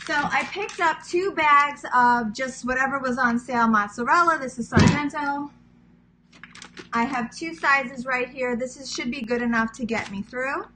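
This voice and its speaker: A Queens woman in her thirties, New York accent clear, gives a casual cooking demonstration in her home kitchen for her vlog. She has a high voice at a moderate pace, with background noise. Chatty and self-teasing, she speaks to viewers as "guys."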